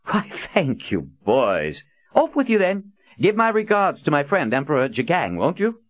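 A man's voice: lowish voice, very animated, normal speed, no echo, pitched above the performer's own voice. Man doing a lofty, mocking old prophet. Voice raised, swings wide. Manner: mocking, silky, commanding. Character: grand, theatrical old male prophet. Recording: dull lo-fi audiobook recording.

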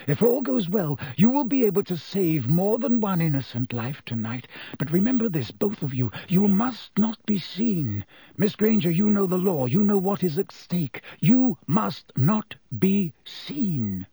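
A man voicing an old, wise male headmaster wizard in an audiobook, speaking slowly, quietly and very clearly. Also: sits high, very animated, no room sound, voice pushed up, exaggerated voice. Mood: instructing. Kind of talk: audiobook character voice.

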